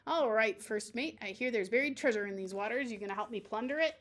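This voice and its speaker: A woman voicing a loud, chummy dad in a dating game. He is hearty and competitive. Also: a little high, fast talker, natural voice. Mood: boisterous.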